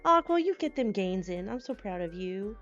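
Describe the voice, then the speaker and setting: A woman streamer chatting casually with her live chat. She is bubbly and scattered, and she greets people with excited squeals. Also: mid-range voice, normal speed. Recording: dull lo-fi stream audio with faint music.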